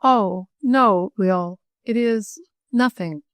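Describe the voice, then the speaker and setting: A woman's voice: drawn-out words, no echo. A woman voicing a shy, tearful teenage girl who stammers and hesitates, in an audiobook reading. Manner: stammering, hesitant, low-voiced.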